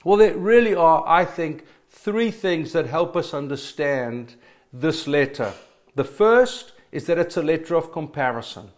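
A man's voice: on the high side, lively intonation, measured pace. A middle-aged man preaching a sermon, telling stories with emphatic stammered restarts. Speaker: pastor.

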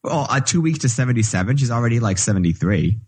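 A man's voice: medium pitch, fast talker, husky. A man co-hosting a gaming podcast, chatting casually and joking around. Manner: animated, joking. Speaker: podcast co-host.

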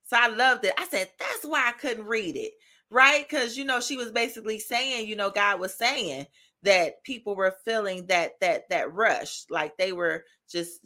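Bright-voiced chatty woman podcast host. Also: mid-range voice, gravelly. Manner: chatty, encouraging, laughs often, keeps asking "right?". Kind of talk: casual devotional talk.

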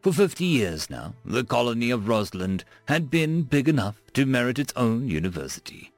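A man narrating a science fiction story in an animated storytelling manner. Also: mid-range voice, moderate pace, no echo.

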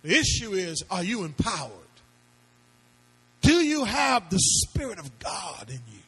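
A man's voice: sits high, big pitch swings, unhurried, fairly bright tone, husky. A male pastor preaching a sermon to a congregation, with emphatic call-and-response questions and phrases that he sings out. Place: church before a congregation.

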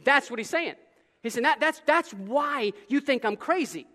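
A man preaching a sermon as pastor, in an animated style full of casual asides and quick restarts. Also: extremely high pitch. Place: church sanctuary. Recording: long reverb of a large hall.

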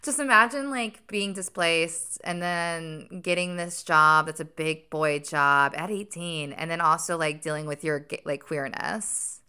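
A young woman co-hosting a casual book-discussion podcast, chatty and animated, with many likes and restarts. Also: low voice, a little slow, few pauses, smooth. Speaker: podcast co-host.

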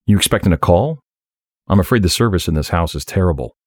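A hesitant man in his twenties who stammers and dodges, read for an audiobook, in the narrator's own voice. The voice is low and husky, recorded dry and close. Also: expressive, fast, a little mellow, no room sound. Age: 20s. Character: nervous 27-year-old man, evasive. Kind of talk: audiobook reading.

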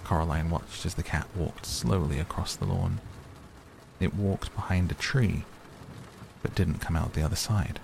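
A man narrating a storybook in a measured, even manner. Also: sits low, creaky, a little hiss or hum. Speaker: audiobook narrator. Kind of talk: scripted narration.

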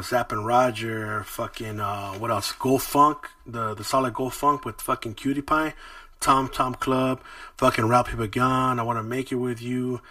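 This podcast host tells stories casually in profane street slang. His voice is medium-pitched with no room sound, though the mic is distant and loud music plays behind him.

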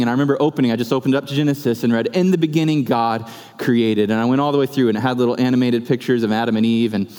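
A man's voice: mid-range voice, a little mellow. Earnest man preaching in a reverberant hall. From California. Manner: earnest storytelling, slowing for emphasis. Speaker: preacher sharing testimony. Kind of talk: sermon testimony. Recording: long reverb of a large hall.

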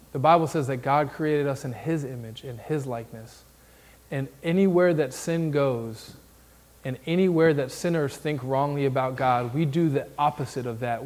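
A man's voice: medium pitch, darkish tone. A man with a Southern accent preaching a sermon as a candidate for pastor, building his points into emphatic lists.

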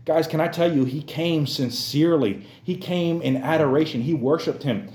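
A man's voice: a little high, normal speed, darkish tone, reverberant. A man teaching a Bible lesson to a youth class, emphatic and addressing his listeners directly.

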